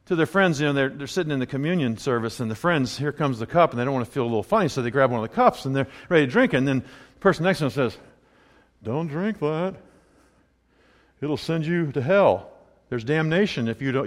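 Male pastor, sermon; conversational, wry, slightly higher voice, reverberant church hall. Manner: conversational, wry, animated asides.

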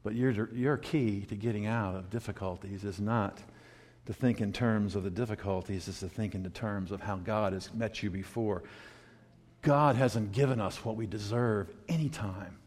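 A man's voice: lowish voice, moderate pace, a little mellow. An older man preaching a sermon, telling stories with humor and laughter. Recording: long hall reverb.

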